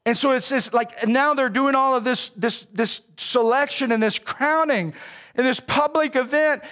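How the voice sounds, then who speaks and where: A man preaching a sermon as a pastor, casual and animated, with slang. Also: very high-pitched, moderate pace.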